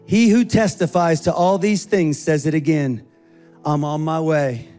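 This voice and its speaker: Animated high-voiced man preaching. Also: unhurried, smooth, faint music behind. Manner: animated, acts out quoted voices. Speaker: pastor. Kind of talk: sermon.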